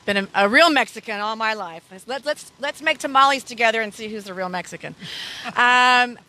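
A woman's voice: fairly high pitch, fairly quick, sharp tone, poor audio. A woman campaign volunteer answering interview questions outdoors, chatty and repeating herself.

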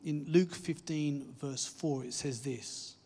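A man preaching a sermon in an earnest, encouraging way, stressing key words and then dropping to a softer tone. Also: on the high side, slow pace. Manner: earnest, encouraging, emphatic with soft dips and laughs.

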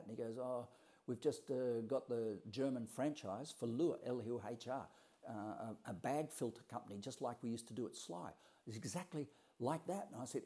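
A man tells a story from his own life in a loose, conversational way. His voice is mellow and relaxed, and he sits at a middle pitch for a man. He is blunt, swears now and then, and acts out the back-and-forth dialogue as he goes. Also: fairly quick. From Australia. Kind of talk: casual personal storytelling.

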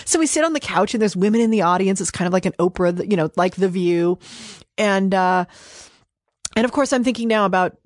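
A woman's voice: mid-range voice, animated, a little fast, no echo, studio quality. A woman host telling a personal story in a chatty, rambling, self-mocking way, with lots of fillers and laughter. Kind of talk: casual storytelling monologue.

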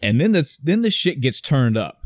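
Brief: young adult man, casual movie recap, animated and profane, dry close sound. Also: medium pitch, normal speed, no room sound. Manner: animated retelling with swearing and acted quotes. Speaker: podcast co-host discussing a movie. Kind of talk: casual chat.

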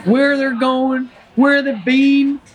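A woman voicing a slow, earnest, simple-minded Southern man. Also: high-pitched, steady tone, voice pushed up.

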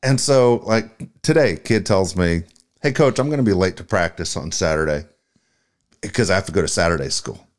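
A man who coaches high school baseball, co-hosting a podcast in casual chat, candid and quick to laugh and swear. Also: lively intonation. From San Diego area. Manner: candid, laughing, swears while telling stories.

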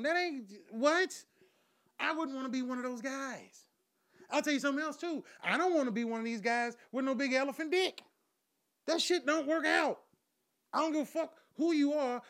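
A man telling a crude, profane story in a loose conversational monologue, laughing often. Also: sits high.

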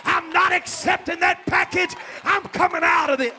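A man pastor delivering a sermon in a folksy way that rises into shouted preaching. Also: very high-pitched, normal speed, faint music behind.

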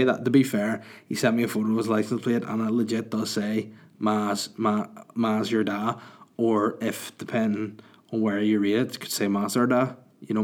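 A man in his thirties hosting his own podcast with a somewhat low voice. He talks in a casual, rambling way, full of crude jokes and self-mockery. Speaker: podcast host and comedian. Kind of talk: casual comedic podcast chat.

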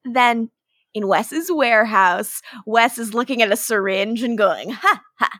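A woman's voice: a little high, a little slow, fairly bright tone, no room sound, clean studio sound. A woman co-hosting a podcast, recapping a TV show in a chatty, giggly way and acting out characters. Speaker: podcast co-host. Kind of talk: casual TV recap chat.

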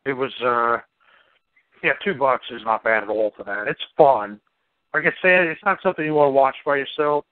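A man's voice: mid-range voice, normal speed, no echo. Laid-back man on a tinny line. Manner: laid-back, rambling, swears casually. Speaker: podcast co-host. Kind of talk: casual movie chat. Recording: tinny phone-like band-limited sound.

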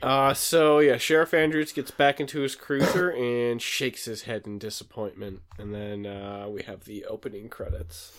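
A man's voice: mid-range voice, steady tone, normal speed, few pauses. A man co-hosting a podcast, casually recapping a TV episode with many fillers. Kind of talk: casual chat.

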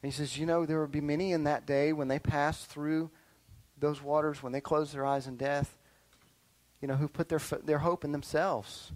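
A middle-aged male pastor preaching a sermon to young listeners, animated and checking in often with "right?" and "okay?". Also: on the high side, normal speed, low-quality recording. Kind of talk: sermon to children and youth.

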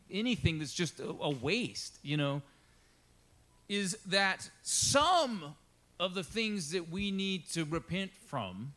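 A man's voice: a little high, a bit bright. A man preaching a sermon in a conversational way, with many fillers, who reads scripture aloud in a raised, emphatic voice. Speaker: pastor.

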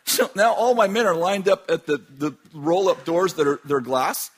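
High-voiced man telling a laughing story. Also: normal speed, breathy edge. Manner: animated, laughing often while telling. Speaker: business owner telling a story. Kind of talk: casual storytelling.

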